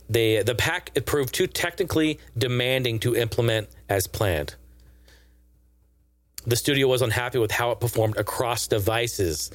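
A man rambles through gaming news in a profane, sarcastic way. His voice sits at a middle pitch and sounds dry and close, with no room echo. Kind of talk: casual gaming news commentary.

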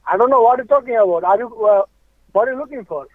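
A man with a strikingly high voice shouts curses in broken phrases. He is heard over a thin, tinny phone line. The sound is dry and close. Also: expressive, fast, no room sound. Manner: angry, cursing, broken phrasing. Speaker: taxi driver on a prank call.

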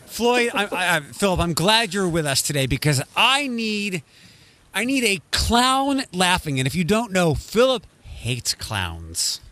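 Teasing, lively-voiced radio host man. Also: sits high. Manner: teasing, runs the game, quick restarts. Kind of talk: playful studio banter. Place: radio studio.

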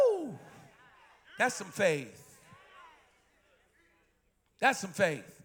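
A preacher in his fifties with a very high, bright and sharp voice, delivering a sermon in church. He preaches with passion and hammers home his points through repeated refrains. His pitch swings widely as he climbs to shouted peaks. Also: very animated, a little slow, pauses often. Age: 50s. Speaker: pastor.

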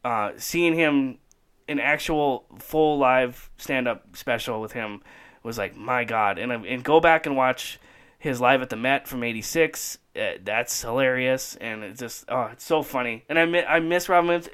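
A man co-hosting a casual chat, excited and laughing often, acting out bits in high voices. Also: measured pace, smooth. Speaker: podcast co-host.

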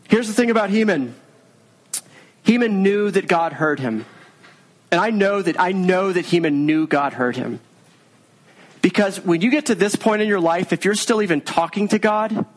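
Earnest man preaching, slightly high voice. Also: poor audio. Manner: earnest, conversational preaching with varied pace. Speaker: pastor. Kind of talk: sermon.

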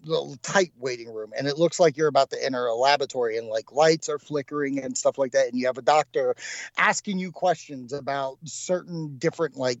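A man co-hosting a podcast, telling a rambling, excitable story with lots of fillers. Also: on the high side, no room sound, muffled recording. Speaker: podcast co-host. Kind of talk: casual podcast chat.

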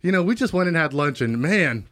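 Fast-talking man, joking banter with friends, dry close mic. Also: a little high, expressive, fairly bright tone, no echo. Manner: fast, joking, laughs often. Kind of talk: casual chat among friends.

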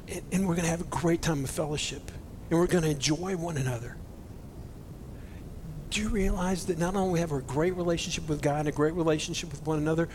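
A man preaching a sermon, animated and emotional, swinging between loud exclamations and hushed near-whispers. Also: fairly high pitch, a little hiss or hum. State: choked up with emotion. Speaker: pastor.

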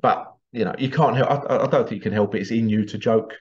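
A middle-aged vlogger with a lowish voice talks fast and rambles straight to his viewers, constantly on the verge of laughing at his own stories. He's giggly, breaking into laughter as he goes, and the sound is slightly dull and lo-fi.

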